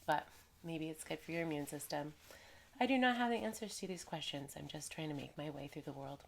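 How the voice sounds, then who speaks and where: A woman talks casually to her viewers in a slightly nasal, stuffed-up voice that sits a little low. She rambles from one tangent to the next in a loose, chatty way. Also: brisk, creaky, a little hiss or hum. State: congested with a cold. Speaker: vlogger. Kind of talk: casual chat to camera.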